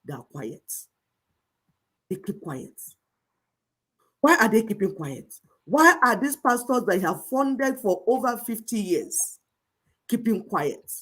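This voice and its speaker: A woman's voice: medium pitch, breathy edge. A woman lecturing listeners in a political talk, firing off rhetorical questions. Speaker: online show co-host.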